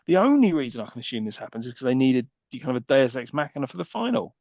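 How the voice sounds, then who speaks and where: A man co-hosting a podcast, reacting to a film with quick, sweary disbelief. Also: on the high side, sing-song, creaky, a little mellow, no echo, highs cut off. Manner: quick, sweary, incredulous commentary. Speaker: podcast co-host. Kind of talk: casual film chat.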